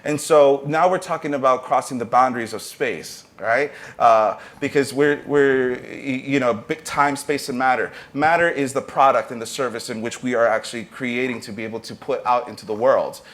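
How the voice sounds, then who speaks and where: A man's voice: medium pitch, steady tone, normal speed, few pauses, a bit bright. Earnest motivational man on a panel. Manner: earnest, motivational, with brief restarts. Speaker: panelist, arts entrepreneurship professor. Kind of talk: panel discussion talk.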